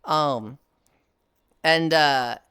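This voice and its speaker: A woman streamer chatting casually while she plays, animated and swearing freely, laughing often. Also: deep voice, drawn-out words, smooth, dry recording, clean studio sound. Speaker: live streamer. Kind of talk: casual chat while gaming.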